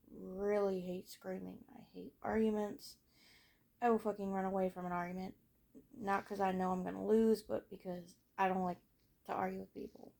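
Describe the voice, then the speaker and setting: Frank, rambling teenage girl with gravelly edge. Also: mid-range voice, dark tone. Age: late teens. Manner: frank and rambling, frequent swearing and fillers. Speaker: vlogger. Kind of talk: casual personal storytelling.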